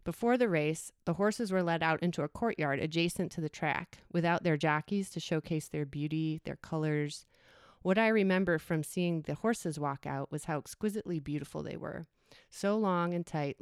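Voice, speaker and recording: A woman in her forties reading a personal essay aloud in a reflective, measured way. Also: low voice, smooth, no echo, studio quality. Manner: reflective, measured reading with brief acted quotes. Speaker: storyteller.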